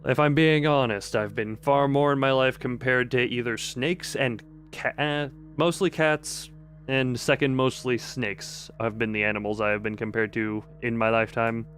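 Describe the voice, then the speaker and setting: A man's voice: mid-range voice, fairly even intonation, normal speed, a bit bright. A young man streaming a horror visual novel, reading the text aloud and cutting in with dry jokes. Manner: dry, joking commentary between narration.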